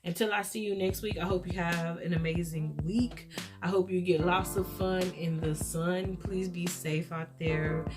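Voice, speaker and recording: Over background music, a woman with a Texas accent and a lowish, steady voice unhurriedly hosts her own show. Her solo chat is a scattered, rambling pep talk that's both encouraging and preachy.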